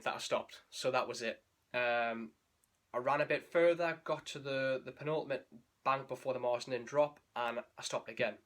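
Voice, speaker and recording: A man's voice: mid-range voice, fairly bright tone. A young man, a running vlogger telling his race story in a candid, emotional, rambling way with restarts. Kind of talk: candid spoken race recap.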